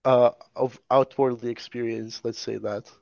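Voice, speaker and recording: A man's voice: medium pitch, flat delivery, moderate pace, gravelly, a little mellow, dry recording, lo-fi sound. A young man from Tajikistan, answering interview questions in a laid-back, rambling way with lots of fillers. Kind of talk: casual interview chat.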